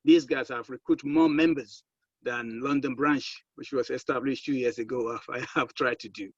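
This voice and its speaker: A man's voice: mid-range voice, steady tone, breathy edge, dry recording. Guy hosting a video call, stumbles and repeats himself, muffled dry sound. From Nigeria. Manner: halting, repeats words while searching. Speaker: webinar moderator.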